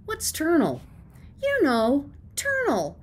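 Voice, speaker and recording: A woman voicing an eager young schoolgirl who blurts out answers, in a high, excited voice. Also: slow pace, full character voice.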